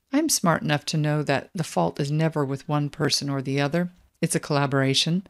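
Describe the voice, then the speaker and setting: A middle-aged woman reading her own memoir aloud, quiet and introspective in a measured way. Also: low voice. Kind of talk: reflective memoir narration.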